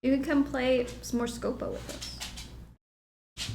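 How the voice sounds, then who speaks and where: A woman's voice: high voice, unhurried, vocal fry, pauses often, background noise. A woman streamer casually chatting while playing a game, slipping into baby talk with her dog. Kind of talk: casual gameplay commentary. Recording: echoey room with loud music.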